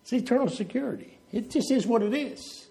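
Animated storytelling preacher from New Brunswick. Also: male voice, extremely high pitch, brisk, vocal fry. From New Brunswick, Canada. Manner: storytelling, illustrating with gestures, walking back and forth. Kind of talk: sermon.

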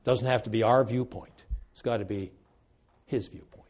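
An older man preaching a sermon and leading a closing prayer, unhurried and folksy, with slow, emphatic phrases. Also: mid-range voice, steady tone, a little mellow.

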